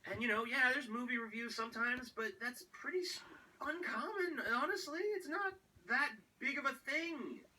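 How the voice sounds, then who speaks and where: Bright-voiced man ranting with profanity. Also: extremely high pitch, moderate pace, slight background noise, low-quality recording. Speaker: show host. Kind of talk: ranting commentary.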